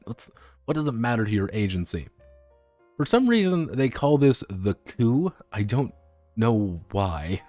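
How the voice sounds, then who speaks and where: A man's voice: fairly low pitch, dark tone, dry recording. A man streaming casual commentary on tabletop games, rambling with frequent stumbles, restarts and offhand swearing.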